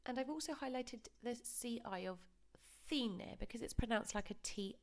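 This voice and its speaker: A woman teaching a lesson over slides, explaining pronunciation patiently and modelling words slowly for repetition. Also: on the high side, darkish tone. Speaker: Spanish teacher. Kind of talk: recorded classroom lesson.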